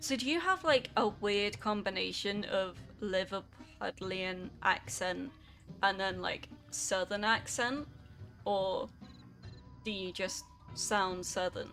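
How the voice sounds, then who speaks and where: Young female streamer, rambling and chatty; bright voice with a gravelly texture. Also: medium pitch, takes it slowly, faint music behind. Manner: rambling, chatty, filler-heavy. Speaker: game streamer. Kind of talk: casual chat reading stream chat.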